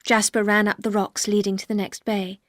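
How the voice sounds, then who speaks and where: A woman narrating a classic novel aloud in a calm, steady storytelling voice. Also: medium pitch, fairly quick, no room sound, studio quality. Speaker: audiobook narrator.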